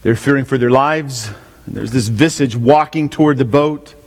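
Speaking at a moderate pace in a medium-pitched, slightly mellow voice, a pastor works through an expository sermon. He keeps questioning the congregation and restating his main points, all within a long hall reverb.

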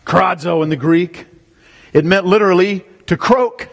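A man preaching a sermon as pastor, emphatic, swelling to near-shouts on key words. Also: high voice, a little slow, gravelly, big-room sound.

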